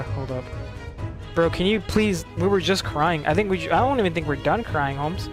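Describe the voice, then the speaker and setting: A man's voice: a little high, expressive, normal speed. A young man giving casual gameplay commentary as a streamer, swearing often and leaning on fillers. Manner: profane, emphatic, filler-heavy. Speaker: gaming streamer. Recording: game music underneath.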